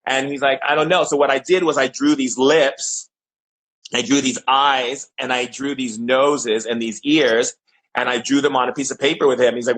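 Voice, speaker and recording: A man's voice: mid-range voice, low-quality recording. A man in casual conversation, telling an anecdote and acting out the voices of the people in it. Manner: animated, acts out quoted voices in anecdotes. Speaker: shaman and host.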